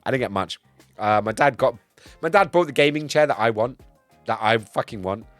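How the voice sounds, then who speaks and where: A man streaming live in casual chat, a bit tipsy, excitable and swearing, swinging between loud outbursts and low mumbles. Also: normal speed, no echo, soft background music. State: tipsy from cider.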